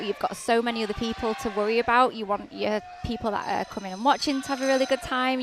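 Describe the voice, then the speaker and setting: A woman with a Yorkshire accent, chatting as a guest in an interview, with plenty of "like" and "um" fillers. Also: fairly high pitch. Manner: chatty, leans on "like" and "um". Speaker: guest, fighter's partner. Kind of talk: casual interview chat.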